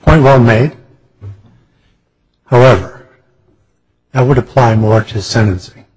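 A male judge presses counsel with probing, deliberate questions from the bench. His voice is very raspy, and a long reverb trails every phrase, as it does in a large courtroom. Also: medium pitch, darkish tone. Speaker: appellate judge.

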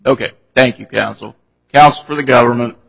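A man's voice: medium pitch, brisk, gravelly, a bit bright, big-room sound, low-quality recording. A man presiding as an appellate judge, pressing counsel with pointed, probing questions during oral argument in a large courtroom.

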